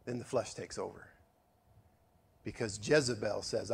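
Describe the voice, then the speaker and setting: Storytelling pastor preaching a sermon. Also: male voice, medium pitch, steady tone, normal speed, gravelly, pauses often, breathy edge. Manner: storytelling, sarcastic, swings from loud to hushed.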